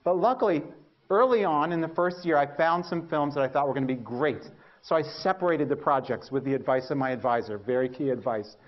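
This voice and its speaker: A man giving a university lecture, telling stories about his early research with lively, self-mocking humor and acting out his own past reactions. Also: fairly high pitch, brisk, lo-fi sound. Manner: animated storytelling, acts out his past thoughts. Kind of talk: lecture with personal anecdotes.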